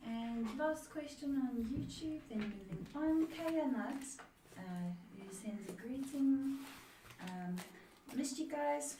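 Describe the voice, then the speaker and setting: Woman, co-host reading viewer questions, brisk plain reading, slightly high pitch, distant from mic, echoey room, noisy background. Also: a little mellow. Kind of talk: reading viewer messages aloud. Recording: far from mic, roomy with background noise.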